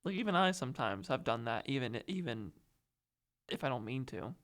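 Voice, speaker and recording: A man's voice: medium pitch, very animated, normal speed, fairly bright tone. A young man co-hosting a casual podcast chat, speaking hesitantly with short agreeing replies. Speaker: podcast co-host.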